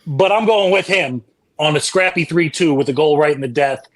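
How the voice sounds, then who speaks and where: A man's voice: on the high side, normal speed, a bit bright. A man on a video call as a panelist, chatty and analytical, often saying "man". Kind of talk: casual fan-show chat.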